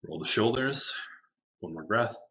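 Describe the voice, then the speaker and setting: Brief: man in casual gameplay commentary, low voice with a bright, forceful edge, wry asides to himself. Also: expressive, measured pace. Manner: talks to himself, wry, laughs at his own jokes. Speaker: game streamer.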